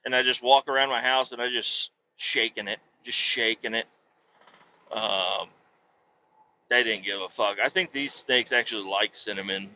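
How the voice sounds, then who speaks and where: Profane, animated man telling a story. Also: mid-range voice, muffled recording. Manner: profane, animated, acts out voices with loud yelps. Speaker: podcast host. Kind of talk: casual storytelling monologue.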